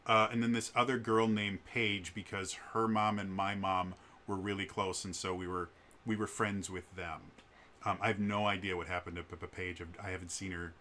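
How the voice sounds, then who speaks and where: Thirties male vlogger, low-ish but bright voice, casual storytelling with lots of stammering and restarts. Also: level tone, normal speed, slight background noise. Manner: hesitant, stammering, with many restarts and fillers.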